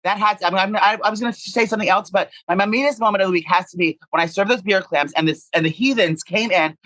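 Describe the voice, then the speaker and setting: A man co-hosting a podcast in casual chat, animated and rambling with crude humor. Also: high voice, quick pace, no room sound, rough recording. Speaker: podcast co-host.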